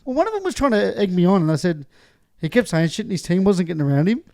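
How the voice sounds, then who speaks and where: Young Aussie male co-host, slightly high mellow voice, quick banter, swears. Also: sing-song, vocal fry. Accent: Australian. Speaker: podcast co-host. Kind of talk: casual sports chat.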